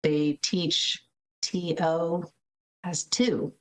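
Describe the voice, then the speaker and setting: A woman interview guest who directs a learning center, explaining in lively casual talk, acting out children and checking in with tag questions. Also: fairly low pitch, very slow, low-quality recording. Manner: animated, acts out children's reading with voices; frequent tag questions, laughs while explaining.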